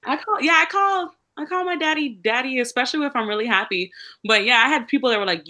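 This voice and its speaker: A young woman chats animatedly on a video call. Her fairly high voice is bright and tense, and she jumps into lively stories. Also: fast talker. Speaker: book club co-host. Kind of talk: casual group video chat.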